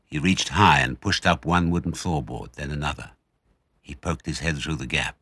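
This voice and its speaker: An older man narrating his own children's story in a brisk, expressive way. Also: a bass voice, breathy edge, no echo, clean studio sound. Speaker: author reading his own book.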